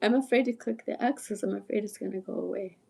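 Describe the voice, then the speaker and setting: A woman in her sixties with a gravelly, mellow voice chats loosely to her livestream viewers. She drifts from tangent to tangent and laughs often as she goes. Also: mid-range voice, fast. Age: 60s. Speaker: livestream host. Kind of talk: rambling livestream chat.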